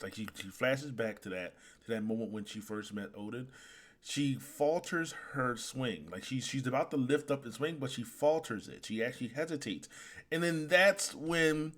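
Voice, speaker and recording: A man giving an animated, exasperated casual commentary as a reviewer, swearing freely. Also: medium pitch, moderate pace. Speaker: anime chapter reviewer.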